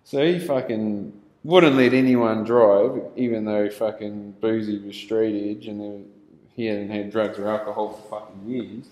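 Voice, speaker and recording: A man's voice: on the low side, fairly even intonation, a little slow, darkish tone. A young man casually telling stories, laid-back and swearing constantly. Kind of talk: casual storytelling. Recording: roomy echo.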